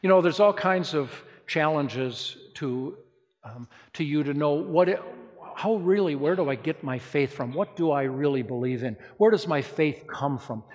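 A male pastor preaching a sermon, telling stories in a lively way and speaking straight to his congregation. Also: a little high, moderate pace. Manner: lively storytelling preacher, addresses the congregation directly. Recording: long reverb of a large hall.

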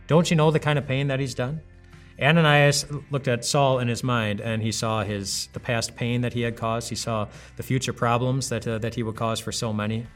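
A man's voice: mid-range voice, a bit bright. A man giving a conversational, reflective devotional sermon as a pastor, full of rhetorical questions.

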